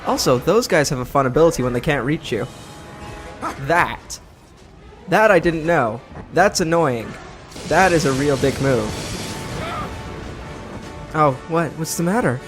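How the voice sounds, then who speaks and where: A man's voice: on the high side, animated, a little slow, long pauses. Chatty man commentating gameplay. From Britain. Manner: chatty, sarcastic, reacting to play. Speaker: let's play host. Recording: commentary over game music.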